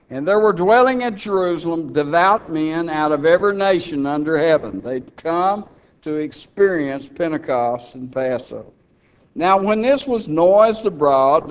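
A man's voice: fairly high pitch, smooth. A man preaching a sermon with a Texan accent, folksy and humorous between passages of scripture. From Texas.

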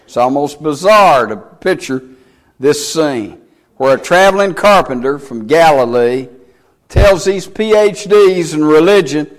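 A man preaching a sermon, reading scripture in old King James wording with slow, deliberate emphasis. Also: a little high. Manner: reads scripture aloud in King James English.

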